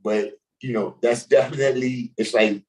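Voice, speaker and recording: A man hosting a casual livestream chat, telling stories in an animated, slangy way and laughing often. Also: medium pitch, normal speed, poor audio. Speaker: host.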